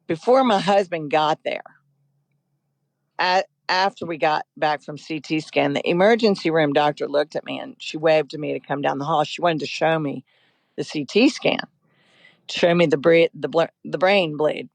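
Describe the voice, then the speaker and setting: A woman guest telling a personal story in an urgent, emotional, quick-flowing way. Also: low voice, gravelly, no echo.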